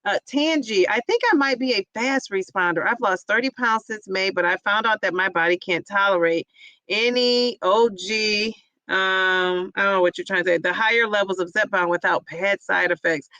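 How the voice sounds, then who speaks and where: A woman's voice: mid-range voice, moderate pace, pushed and bright, no echo, poor audio. A woman hosting a casual livestream, chatty and effusive as she cheers on her viewers and answers their comments. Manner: chatty, rambling with fillers. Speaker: livestream host reading viewer chat. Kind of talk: casual live chat.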